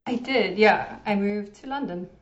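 A woman's voice: medium pitch, a little slow, lo-fi sound. South African woman in a roomy recording. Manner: laughs easily, chatty and relaxed. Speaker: podcast guest, game producer. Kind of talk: casual chat.

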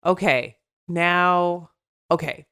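Woman, Chicago accent, lower voice, rambling podcast chat, fillers and restarts. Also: drawn-out words, sharp tone, clear, resonant tone. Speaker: podcast co-host. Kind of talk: casual chat.

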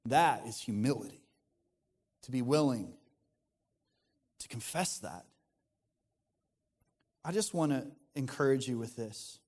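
Earnest pastor preaching in a reverberant hall. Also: male voice, mid-range voice, animated, takes it slowly, pauses often, darkish tone, slightly rough. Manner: earnest, conversational preaching with frequent restarts. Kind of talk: sermon.

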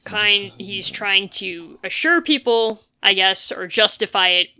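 A woman co-hosting a casual podcast chat, hesitant and filling pauses with "um" and "uh". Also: mid-range voice, expressive, sharp tone, clear, resonant tone. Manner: hesitant with fillers. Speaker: podcast co-host.

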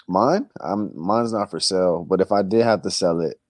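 A man's voice: sits low, moderate pace, a little mellow, no echo. A man co-hosting a podcast in casual chat, loose and joking, often calling his partner "man". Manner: laid-back, loose and joking, says "man" a lot. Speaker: podcast co-host.

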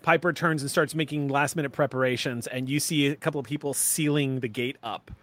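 A man narrating as game master of a tabletop game, relaxed and chatty with frequent fillers. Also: mid-range voice, brisk, no room sound.

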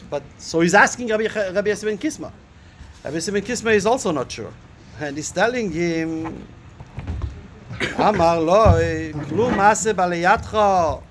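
A man teaches a Talmud lesson. He reads a passage aloud and then unpacks it with rhetorical questions, pausing on fillers as he thinks. A faint hiss sits under his voice. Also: high voice, lively intonation, a bit bright. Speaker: Torah teacher. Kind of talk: Talmud lesson, reading and translating a text.

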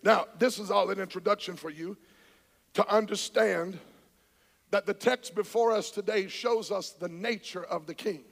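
A man preaching a charismatic sermon, shouting and calling on the congregation to answer back. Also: sits high, normal speed, vocal fry. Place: church sanctuary. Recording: church hall with long reverb.

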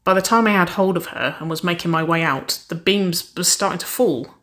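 A woman's voice: on the low side, a little fast, a bit bright, natural voice. A woman voicing a playful, teasing young woman firefighter who jokes about being a hero, in a read-aloud story. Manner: cheeky, joking, grinning.

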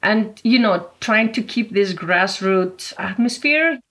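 A woman speaks in a mid-range voice, chatty and relaxed in conversation. She leans on fillers like "you know" and "like" as she answers. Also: medium pitch, slow pace. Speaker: interviewee, competition volunteer.

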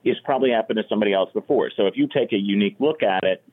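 Veteran comic on a phone line. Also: male voice, on the low side, very fast, slightly rough. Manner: earnest, explanatory, repeats "you know". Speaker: stand-up comic and voice impressionist. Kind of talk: casual podcast advice.

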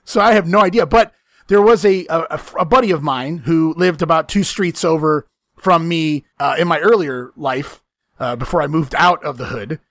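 A man's voice: fairly high pitch, normal speed, fairly bright tone, dry recording. A man hosting a casual chat, telling a long profane story, often laughing and acting out the lines he quotes.

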